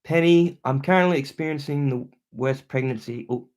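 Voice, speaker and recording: A young adult man with an Australian accent, chatting loudly and casually on a livestream as he reads out viewer comments, full of slang. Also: medium pitch, moderate pace. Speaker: YouTuber hosting a livestream.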